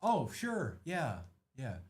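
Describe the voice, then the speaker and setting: Host, male, animated casual delivery with lots of rise and fall, live card-break commentary. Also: a little high, slow, slight background noise. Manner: lively, chatty, rattling off names.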